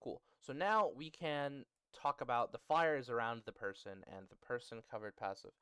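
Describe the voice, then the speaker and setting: Speaking at a normal speed with a bright, forceful, clean medium-pitched voice, a male streamer explains how to build a language on a casual livestream. The recording is dry and close-miked, and he jokes and laughs with his chat throughout.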